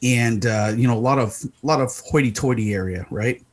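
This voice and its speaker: A man's voice: mid-range voice, fairly quick. A middle-aged man from Arizona, co-hosting a podcast, telling a story in casual chat and acting out the voices in it. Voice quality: animated, acts out voices in his stories. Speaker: podcast co-host.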